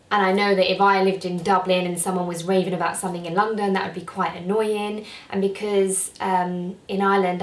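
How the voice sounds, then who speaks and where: A woman's voice: on the low side, distant mic. A young woman talking casually to camera as a vlogger, chatty and rambling, with lots of fillers. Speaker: beauty vlogger. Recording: roomy sound, mic set back.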